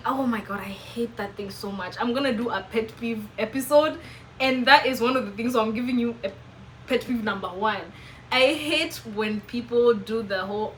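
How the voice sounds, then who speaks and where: Young Kenyan woman, bright voice, earnest and questioning, faint background hiss. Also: fairly high pitch, low-quality recording. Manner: earnest, questioning, self-reflective. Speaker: vlogger. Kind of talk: reflective personal vlog monologue.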